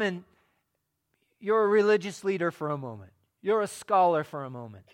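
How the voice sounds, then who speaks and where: A man's voice: sits high, normal speed, a bit bright. A man preaching a sermon in a conversational way, asking his listeners rhetorical questions. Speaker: pastor.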